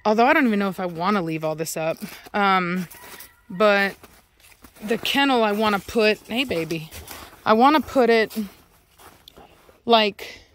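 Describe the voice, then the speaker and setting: A woman's voice: mid-range voice, measured pace, pauses often, a little hiss or hum. A woman, chatting casually outdoors on her property into a handheld phone, rambling with lots of "like" and "um". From Texas. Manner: rambling and chatty, full of "like" and "um", breaks off to yell for her dogs. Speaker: dog kennel owner. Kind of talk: casual vlog chat.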